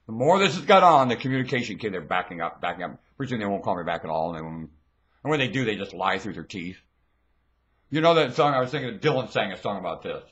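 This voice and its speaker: A man giving a rambling, scornful religious monologue into a webcam at home, dropping to low mutters and then bursting into shouts. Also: lively intonation, fast, slightly rough, lo-fi sound. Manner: preachy, scornful, lectures the listener.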